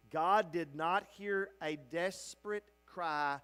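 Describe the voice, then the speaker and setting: High-voiced impassioned pastor in a church. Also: male voice, unhurried, hardly any pauses, soft background music. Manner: impassioned, swinging from loud cries to hushed, tender delivery. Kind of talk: teaching sermon at a Bible study. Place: church sanctuary.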